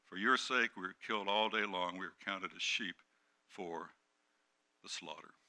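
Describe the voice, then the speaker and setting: A middle-aged male pastor preaching a sermon, dropping to hushed tones and then rising to loud, emphatic peaks. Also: deep voice, normal speed. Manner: dynamic preaching, swings from hushed to shouting.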